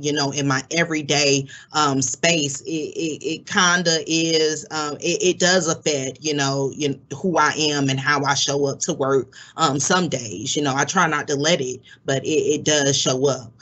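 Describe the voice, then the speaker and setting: A man's voice: on the high side, steady tone, a little slow, hardly any pauses, pushed and bright. A man from Florida hosting a webinar over a video call, talking reflectively with many fillers and restarts. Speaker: webinar host. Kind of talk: webinar moderation.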